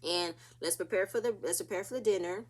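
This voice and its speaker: A woman's voice: mid-range voice, quick pace, slightly rough. Chatty woman recapping reality TV. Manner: chatty and opinionated, acting out cast members' lines. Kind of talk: casual recap chat.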